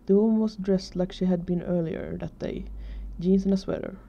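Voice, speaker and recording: A woman reading fan fiction aloud in a steady, even way. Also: fairly low pitch, moderate pace. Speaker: fanfiction reader. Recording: dull lo-fi recording.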